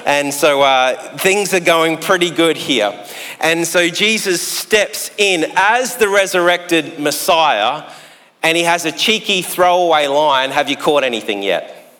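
A man, preaching a sermon in a relaxed, joking way with long pauses. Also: fairly high pitch. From Australia. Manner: conversational and jokey, with long pauses. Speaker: pastor. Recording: echoey hall sound.

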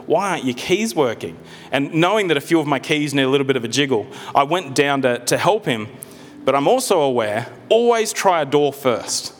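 A man preaching a sermon in a conversational way, with gentle humor and frequent restarts. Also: fairly high pitch. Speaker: pastor. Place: church hall. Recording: long hall reverb.

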